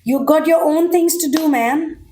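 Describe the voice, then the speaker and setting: A woman talks through a collective tarot reading in a direct, reassuring way. Her voice sits on the higher side. She keeps checking in with "okay?" as she goes. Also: a little slow, dark tone, slight background noise. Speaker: tarot reader.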